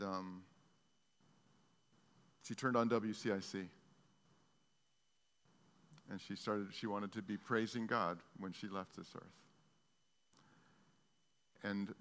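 A male pastor preaching a sermon, telling a story in an earnest, halting way. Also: fairly low pitch, vocal fry, a bit bright. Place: church sanctuary. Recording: long hall reverb.

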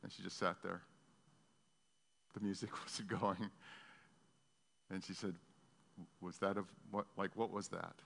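A male pastor preaching a sermon, telling a story in an earnest, halting way. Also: sits low, level tone, vocal fry, a bit bright. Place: church sanctuary. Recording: long hall reverb.

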